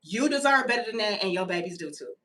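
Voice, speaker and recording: A woman's voice: medium pitch, animated, fast talker, pushed and bright, recorded from a distance. A woman in her thirties, chatting casually and profanely straight to her viewers while she tells a personal story. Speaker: vlogger.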